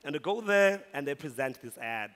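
A man from South Africa tells a funny story from a conference stage, getting louder and shouting at the punch lines. His voice sits slightly high for a man. A long hall reverb trails after each phrase. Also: normal speed, smooth. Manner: animated, humorous storytelling, rising into shouts. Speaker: speaker at a conference. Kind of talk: storytelling keynote talk.

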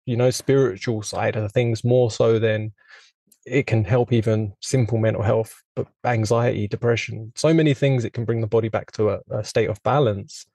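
Gravelly, warm-voiced middle-aged man. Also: fairly low pitch, fairly even intonation, normal speed, dry recording. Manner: earnest, reflective, rambling. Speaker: podcast host. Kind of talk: casual interview conversation.

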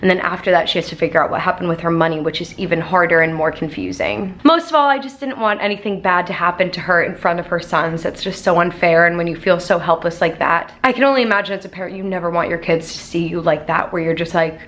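A woman in her twenties talking casually to a handheld camera, chatty and expressive, with lots of "like" in her speech. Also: fairly low pitch, fast talker, hardly any pauses. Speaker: vlogger. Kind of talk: casual vlog chat to camera.

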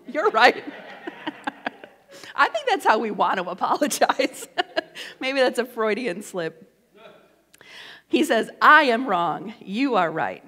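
A woman preaching a sermon in a lively, conversational way with playful asides. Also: a little high. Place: church sanctuary. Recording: echoey church hall.

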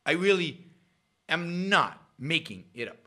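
A middle-aged man hosting a show, talking in a sarcastic, animated commentary with frequent restarts. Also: fairly high pitch, measured pace. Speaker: show host. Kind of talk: casual commentary monologue.

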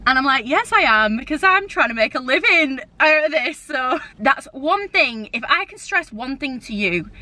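A young woman, chatting giddily to a handheld camera in a casual vlog, getting loud when excited. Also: high-pitched, normal speed, few pauses. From England. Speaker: vlogger. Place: in a car and out and about at a shopping centre. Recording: noisy background with traffic.

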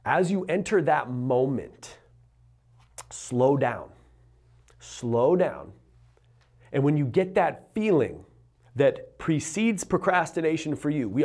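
A man coaching entrepreneurs in a motivational talk to camera, earnest and emphatic, slowing down on key phrases. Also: on the high side, darkish tone.

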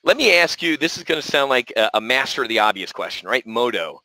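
A man hosting a live options trading webinar, talking in an energetic, folksy way and repeating words for emphasis. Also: mid-range voice, fast talker, low-quality recording. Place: resort room.

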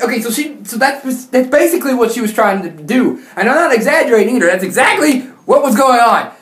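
A woman YouTuber telling a comic story in an animated, exaggerated, mock-outraged way. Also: on the high side, brisk, few pauses. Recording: roomy echo.

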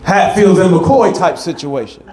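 A man with a high-pitched voice preaching in a church sanctuary. He is animated, repeating his words as he builds emphasis, and the voice rings out through a roomy, echoing space. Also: unhurried, soft background music. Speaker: pastor. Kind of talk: sermon.

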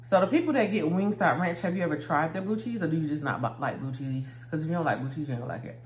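A woman chats and laughs her way through a meal for her phone camera. Her voice sits on the low side, and the room around her sounds noticeably echoey. She keeps it loose and conversational, like she's talking to friends. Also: expressive, fast talker, darkish tone, slight background noise. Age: adult, married. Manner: chatty, laughs often, talks while eating. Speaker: vlogger. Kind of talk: casual mukbang chat.

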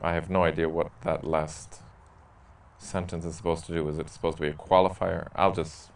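Low-voiced priest doing a q&a, blunt and jokey, sounds far from the mic. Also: male voice, little pitch movement, brisk, vocal fry. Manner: candid, joking storyteller who laughs at his own stories. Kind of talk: casual Q&A talk to a parish group.

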